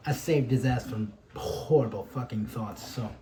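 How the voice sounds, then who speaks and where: A man's voice: mid-range voice, a little slow, dark tone. A young man chatting casually while gaming, rambling and swearing freely. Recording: echoey room, faint background hum.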